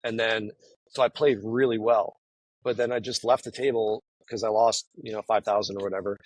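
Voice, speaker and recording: A professional poker player, appearing as a guest in a casual interview, rambles with lots of fillers and restarts. His voice is fairly low with fairly even intonation, and he speaks fairly quickly; the audio is poor but has no echo.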